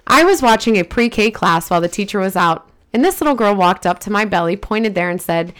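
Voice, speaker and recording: A woman's voice: medium pitch, lively intonation, a little fast, hardly any pauses, fairly bright tone, clean tone. A woman in her thirties, a podcast co-host who reads listener stories aloud and chats casually, laughing easily.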